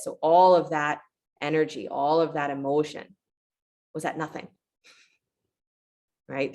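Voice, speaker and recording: A woman leads a yoga class in a low voice with a gravelly edge. She gives calm, encouraging short cues. She also slips into reflective storytelling about letting go. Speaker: yoga teacher. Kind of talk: guided yoga class instruction.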